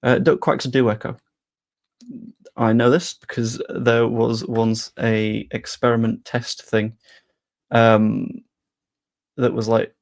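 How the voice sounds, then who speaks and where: A young man talks in a loose, rambling live-stream chat, his mid-pitched voice often dropping into a gravelly fry. He drifts between topics with offhand, self-mocking remarks. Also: level tone, takes it slowly, long pauses. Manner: rambling, chatty, self-deprecating asides. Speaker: football channel streamer.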